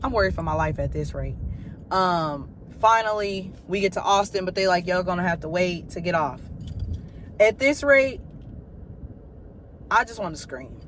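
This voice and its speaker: A woman's voice: lowish voice, expressive, moderate pace, pauses often. A woman, a teacher, telling a profane, exasperated story about her trip in a casual storytime chat, filmed on a phone while she sits in a car. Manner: snaps at traffic while driving. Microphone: phone camera.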